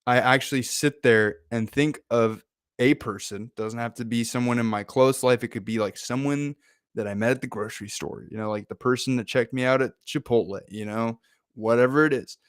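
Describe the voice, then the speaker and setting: A laid-back man hosts a casual motivational talk, chatty and loose and full of fillers. His voice is smooth and clear, and it sounds dry and close. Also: medium pitch, normal speed, no echo. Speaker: host.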